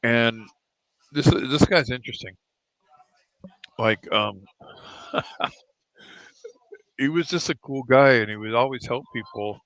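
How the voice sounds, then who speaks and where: Laid-back male pool-hall commentator: chatty, rambling, clear bright tone, dry mic. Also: mid-range voice, takes it slowly, pauses often. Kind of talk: casual live pool commentary.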